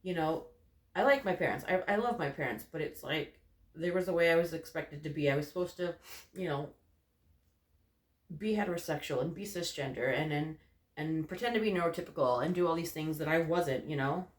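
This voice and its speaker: This young man's voice is a little high and a little fast. He vlogs casually from a corner of his echoey bedroom, rambling openly about personal things and filling his speech with "like" and "you know."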